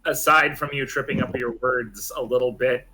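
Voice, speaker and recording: A man's voice: medium pitch, fairly even intonation, moderate pace, background noise. A man in a writers' group giving casual feedback, hedging with many fillers.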